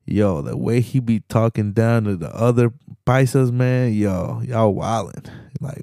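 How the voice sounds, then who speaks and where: Young guy podcast host, mellow gravelly voice, dry close sound, cussing and saying man a lot. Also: medium pitch, sing-song, moderate pace, no room sound. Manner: slangy, profane, rambling, says "man" constantly. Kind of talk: casual solo podcast rant.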